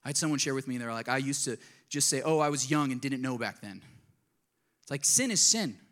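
A man's voice: medium pitch, animated, brisk, fairly bright tone. A man preaching a sermon to his congregation, earnest and conversational, often asking them direct questions. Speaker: pastor.

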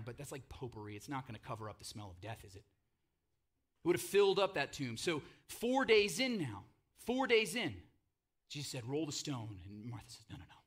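Bright-voiced preacher with booming swings. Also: male voice. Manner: dramatic storytelling, shouts names out, swings from hushed to booming; casual asides and joking. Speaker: pastor. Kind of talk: sermon.

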